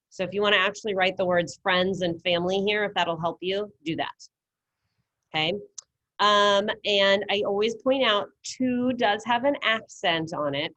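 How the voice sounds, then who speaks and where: This Spanish teacher has a mid-range, slightly bright voice and leads an online lesson over a video call through her computer mic. She walks students through the material step by step with patience and encouragement.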